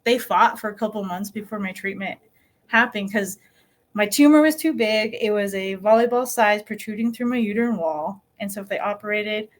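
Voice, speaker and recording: A podcast guest who rides dirt bikes, this middle-aged American woman from New Mexico speaks in a medium pitch at normal speed. She relates her story casually and upbeat, laughing often.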